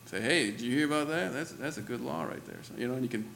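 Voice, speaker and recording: A man of middle pitch preaching in a church, his voice slightly gravelly. He keeps the sermon loose and conversational, laughing often and checking in with "you know" and "right?". A faint hum of the room sits behind him. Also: fast talker, fairly bright tone. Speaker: pastor.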